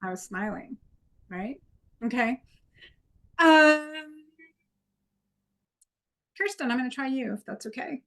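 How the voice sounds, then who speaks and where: A woman's voice: high voice, lively intonation, slow, long pauses, fairly bright tone. A woman instructor leading an improv exercise in a training workshop, encouraging and conversational. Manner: encouraging, conversational, with playful demonstrations.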